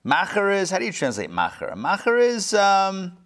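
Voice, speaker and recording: A middle-aged man leads an evening class, with a fairly high voice for a man. He tells stories, cracks jokes and keeps checking whether his listeners are with him. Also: moderate pace. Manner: animated storyteller, joking and asking the class questions. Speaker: class instructor. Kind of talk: lecture with jokes to a live class.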